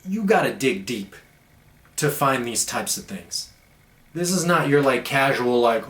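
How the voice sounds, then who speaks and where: A man's voice: mid-range voice, expressive, measured pace, a bit bright. A young man talking blunt, profane and emphatic in a casual monologue as a podcast host. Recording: echoey room.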